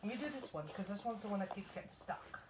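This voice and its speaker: A woman's voice: medium pitch, lively intonation, quick pace, background noise. A woman talking to her nervous dog at home while trimming its nails, soothing and pleading, sometimes scolding sternly. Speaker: dog owner. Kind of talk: coaxing talk to a pet.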